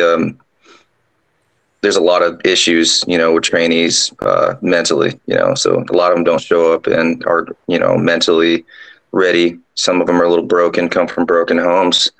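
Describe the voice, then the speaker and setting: A drill sergeant guest casually telling a ghost story, rambling along with lots of fillers. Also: male voice, deep voice, fairly even intonation, moderate pace, creaky, a bit bright, rough recording.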